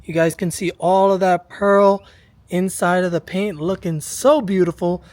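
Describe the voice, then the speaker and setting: A car-build vlogger narrating a rebuild in an upbeat, excitable, jokey way. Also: mid-range voice, measured pace, no room sound. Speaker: channel host.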